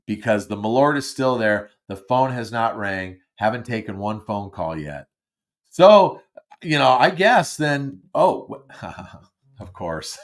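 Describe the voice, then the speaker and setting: A middle-aged man hosts a live call-in show and talks loosely to his viewers. He wanders between thoughts, fills pauses with ums and uhs, and pokes gentle fun at himself. His voice sits at an ordinary, mid-range pitch for a man. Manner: rambling and self-deprecating, many fillers and restarts. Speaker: podcast host taking call-ins. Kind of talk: casual live-stream chat.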